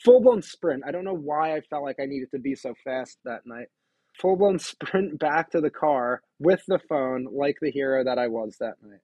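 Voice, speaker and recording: A man co-hosting a podcast, telling a story in a casual, animated, self-deprecating way. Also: mid-range voice, moderate pace, no room sound. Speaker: podcast co-host.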